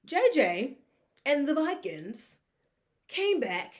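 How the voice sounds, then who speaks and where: A woman hosting a casual solo sports talk show, speaking in an animated, rambling way and acting out the fans' reactions. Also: high voice, slow pace. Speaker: sports podcast host.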